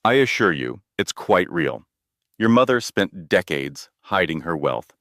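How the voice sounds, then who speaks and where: A man voicing a calm estate attorney who explains things in a measured, formal and gentle way. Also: deep voice, no echo, studio quality, heavily acted.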